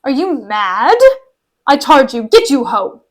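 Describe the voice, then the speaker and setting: A woman's voice: high voice, sing-song, takes it slowly, heavily acted. A woman voicing a scheming male ensign, with curt, dismissive delivery.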